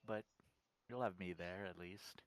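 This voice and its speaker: A man's voice: low voice, a little slow, no echo. A man playing a friendly, easygoing male adventurer who flirts playfully.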